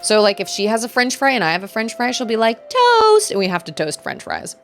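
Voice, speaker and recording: A young woman streaming a video game and chatting casually with her viewers, giggling often and greeting them in high, bright bursts. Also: quick pace, soft background music. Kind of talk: casual live-stream chat.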